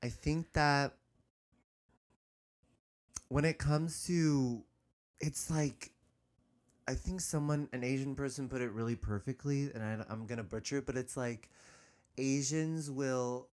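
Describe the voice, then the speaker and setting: A man speaking candidly as an interview guest, hesitant, with many restarts, and turning animated as he goes. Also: medium pitch, a little slow, pauses often. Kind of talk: candid personal conversation.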